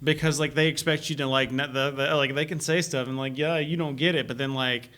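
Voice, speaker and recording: A man's voice: medium pitch, steady tone, brisk, a bit bright. A man around forty hosting a casual live podcast, rambling with many fillers and restarts. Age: 40s.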